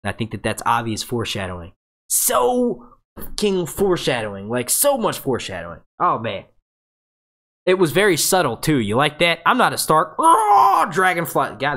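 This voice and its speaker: An excitable man hosts a live breakdown stream in a loose, casual way. He swears freely and keeps jumping into jokey impressions, talking into a webcam mic in front of a green screen. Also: mid-range voice. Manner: excitable, profane and jokey, does quick impressions. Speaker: livestream host.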